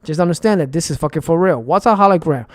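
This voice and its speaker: Young man, high-pitched, rambling and profane, dry close sound, conspiracy rant. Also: fast talker, no echo. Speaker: vlogger.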